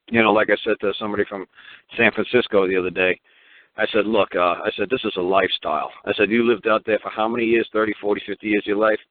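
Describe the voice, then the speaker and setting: Fast-talking Brooklyn man on a phone line. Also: on the low side, steady tone, no echo. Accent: New York. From New York. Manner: fast, profane, repetitive, acts out quoted voices. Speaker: radio talk show host. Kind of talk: ranting phone-in radio talk. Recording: tinny phone line, dry.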